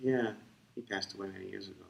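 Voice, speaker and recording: A man's voice: deep voice, quick pace, vocal fry. A middle-aged man, telling a rambling story in a casual interview, tired and full of fillers. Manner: rambling, animated, many fillers and restarts. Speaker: ventriloquist interviewee. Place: convention room. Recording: echoey room, voice from far off.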